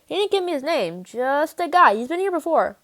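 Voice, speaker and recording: A woman's voice: high-pitched, very animated, fairly quick, a bit bright, no echo, clean studio sound, pitched above the performer's own voice. A woman reading an offhand male waiter in an audiobook, her voice raised.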